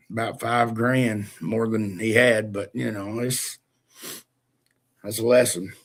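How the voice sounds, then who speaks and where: A man's voice: on the low side, steady tone, slow pace. A man in casual chat, laid-back and shrugging, swearing now and then.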